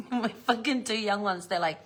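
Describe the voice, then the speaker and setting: A woman's voice: medium pitch, normal speed, a bit bright. An older woman, chatting casually to camera, swearing freely and laughing often as she tells stories. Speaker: vlogger.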